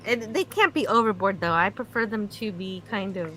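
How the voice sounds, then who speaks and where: A woman's voice: medium pitch, lively intonation, normal speed, pushed and bright, slight background noise, low-quality recording. A woman talking casually in a group live stream and reading out chat comments. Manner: chatty, reads chat comments aloud.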